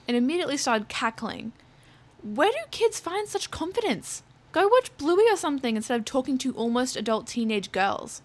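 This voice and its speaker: A woman's voice: a little high, fairly bright tone. A young adult woman telling a storytime rant in a sarcastic, profane way. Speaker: vlogger.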